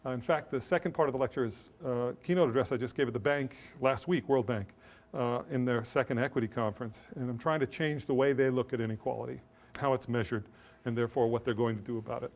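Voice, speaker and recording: A middle-aged man giving an academic lecture, joking and self-deprecating, with brisk asides and anecdotes. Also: mid-range voice.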